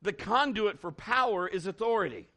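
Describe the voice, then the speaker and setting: A man's voice: high-pitched, expressive, normal speed, pushed and bright. A man preaching a sermon as pastor, working up the room with rising calls to the congregation.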